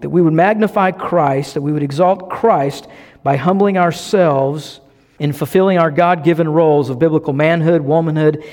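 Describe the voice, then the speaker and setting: A man from the American South with a Southern accent, preaching a sermon as pastor, earnest and teaching, slowing down to stress key phrases. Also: on the high side, a little mellow, big-room sound.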